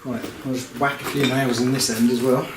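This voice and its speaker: A man casually narrating his own bathroom building work, plain and practical, with many pauses and fillers. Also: mid-range voice, little pitch movement. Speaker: woodworking vlogger. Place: house under renovation, indoors. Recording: echoey room with noise.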